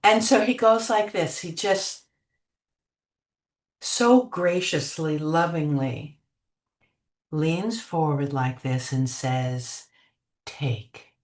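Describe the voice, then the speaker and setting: An older woman telling spiritual memories as an interview guest, gentle and unhurried, trailing off with many fillers. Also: low voice. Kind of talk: reflective spiritual storytelling. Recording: echoey room.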